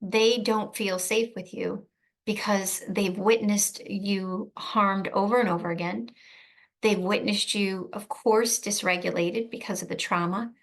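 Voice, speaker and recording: A woman's voice: medium pitch, fairly even intonation, unhurried. A woman coaching protective parents in an earnest, emphatic way. She often repeats key phrases and checks in with "right?". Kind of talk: advice talk to camera.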